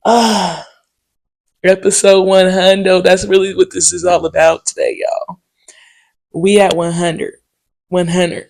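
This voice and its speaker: A woman hosts her own podcast in a relaxed solo monologue. She tells stories in a loose, slangy and profane way. Her delivery is animated, with quick asides and filler words such as "um" and "okay?". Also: fairly low pitch, creaky. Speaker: podcast host. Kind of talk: casual solo podcast storytelling.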